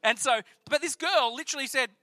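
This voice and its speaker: A man with an Australian accent telling a personal faith story in an earnest, conversational, animated way. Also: very high voice, fairly quick, no echo. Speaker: speaker sharing a personal testimony. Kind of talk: storytelling sermon.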